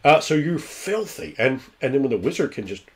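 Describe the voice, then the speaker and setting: A man's voice: mid-range voice, fairly quick. A man who runs tabletop games, chatting casually and telling stories animatedly, acting out scenes and swearing freely. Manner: animated storyteller who acts out scenes, profane. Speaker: tabletop game master. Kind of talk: casual chat.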